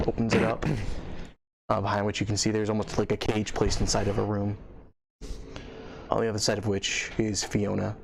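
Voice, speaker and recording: Man, game master, gravelly, offhand narration, noisy chat recording. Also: fairly low pitch. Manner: relaxed, offhand narration with fillers.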